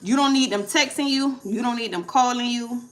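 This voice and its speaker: A woman giving a casual tarot reading, emphatic and preachy, arguing her points out loud. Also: fairly high pitch, normal speed, soft background music. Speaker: tarot reader.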